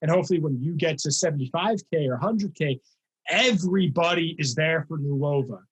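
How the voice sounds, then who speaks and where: A young man hosting a casual podcast chat, talking in an animated, rambling way full of fillers. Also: on the high side, brisk, slightly rough, low-quality recording. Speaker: podcast host and music reaction creator.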